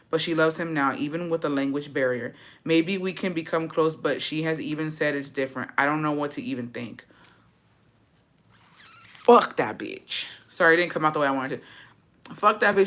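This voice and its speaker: A woman's voice: deep voice, fairly bright tone. A woman vlogger telling a storytime in a brash, profane, sassy way and calling viewers her besties. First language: English. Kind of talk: casual storytime chat.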